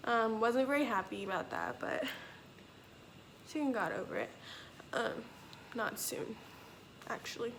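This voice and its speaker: A young woman vlogs casually, telling a personal story in a fairly high, expressive voice that runs a little slow with frequent pauses. She's chatty and rambling, acting out what other people said, while the background is noisy.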